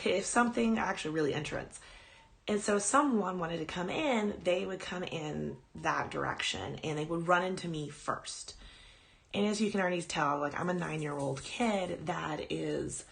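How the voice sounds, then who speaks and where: A woman's voice: lowish voice, gravelly. A woman podcast host casually telling a personal ghost story on a live stream, rambling and chatty. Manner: chatty, rambling, breaks off to coo at her dog.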